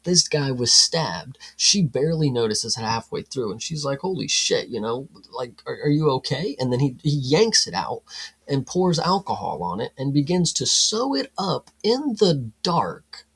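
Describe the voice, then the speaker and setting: Man, husky voice, casual film review chat, animated, profane, mock voices for scenes. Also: medium pitch, measured pace. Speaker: podcast co-host.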